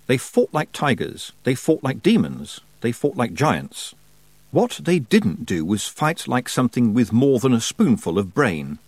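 A man narrating an audiobook with expressive storytelling and wry timing. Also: mid-range voice, unhurried, breathy edge, dry recording.

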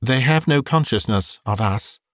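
A soft, hushed ghostly spirit, as a male reader puts it on, its voice sunk a little lower and quieter than the storytelling around it. It speaks with calm, mild patience, as if from slightly further away. The storybook reading is dry and close. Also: unhurried, no room sound.

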